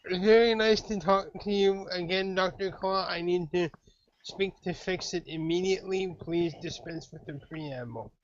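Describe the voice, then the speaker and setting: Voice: mid-range voice, normal speed, lightly acted. A man voicing a worried young man who insists on checking that his date is safe, on a muffled lo-fi recording. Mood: insistent. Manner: urgent, insistent.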